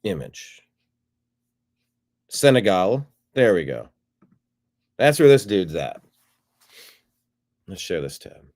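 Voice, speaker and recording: A man's voice: sits low, sing-song, slow pace, long pauses, a little mellow. A middle-aged man hosting a show, casually rambling as he retells a phone call and acts out both sides of it. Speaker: show host. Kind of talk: casual livestream monologue.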